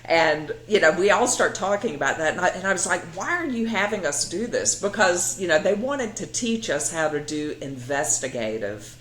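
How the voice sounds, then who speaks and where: Brief: middle-aged woman, low voice, animated storyteller, roomy echo. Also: normal speed, few pauses. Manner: animated, acts out quoted voices, laughs often. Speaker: interview guest, psychiatrist. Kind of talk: casual storytelling in an interview. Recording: echoey room.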